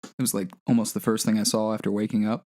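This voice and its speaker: A man's voice: on the low side, little pitch movement, fast talker, a little mellow. A man co-hosting a podcast, telling stories in a laid-back way with frequent chuckles. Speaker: podcast co-host. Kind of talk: casual chat.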